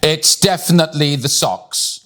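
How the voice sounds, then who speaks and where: A man voicing an excitable young girl in a storybook reading, squealing high and breathless. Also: a little fast. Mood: cheerful.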